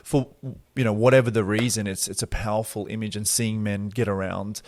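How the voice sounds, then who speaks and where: A man hosting a podcast, talking in a relaxed, reflective way and thinking aloud. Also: fairly low pitch, fairly quick, dry recording. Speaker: podcast host. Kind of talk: casual conversational interview.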